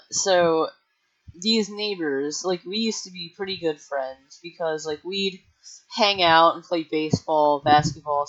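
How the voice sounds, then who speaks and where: A man's voice: on the high side, a bit bright. A young man telling a rambling personal story in a casual vlog, full of filler words and restarts. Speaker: storytime vlogger. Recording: dull lo-fi mic.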